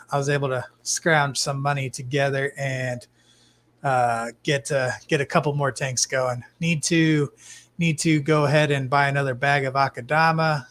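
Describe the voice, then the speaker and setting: A man hosting a casual live stream from his fish room, greeting chat viewers by name in a relaxed way. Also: medium pitch. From Arizona, US. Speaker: livestream host.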